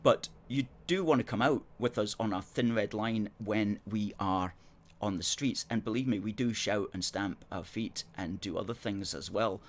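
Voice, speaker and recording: A man's voice: on the low side, normal speed. Earnest man arguing a point. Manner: earnest, argumentative, reads viewer comments aloud. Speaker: host. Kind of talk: live-streamed political talk show. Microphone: table microphone.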